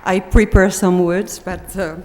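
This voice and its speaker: A French woman with a French accent, a visiting deputy mayor giving a prepared speech in halting English, searching for words. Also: fairly low pitch, steady tone, a little hiss or hum. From France. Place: council chamber. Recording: reverberant chamber on meeting mic.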